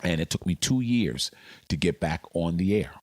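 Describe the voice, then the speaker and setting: An older man with a very low, deep voice tells his stories emphatically, leaning hard on his key lines. He sounds like a veteran sportscaster talking as an interview guest. The sound is dry and close, with no room echo. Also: animated, moderate pace, darkish tone. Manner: emphatic, dramatic storyteller. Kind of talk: storytelling in a podcast interview.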